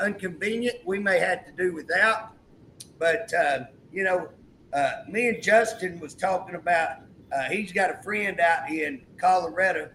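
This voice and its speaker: A man's voice: high-pitched, unhurried, sharp tone, slight background noise, poor audio. A male talk show host chatting emphatically, retelling a story and acting out the quotes. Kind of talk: political talk show chat.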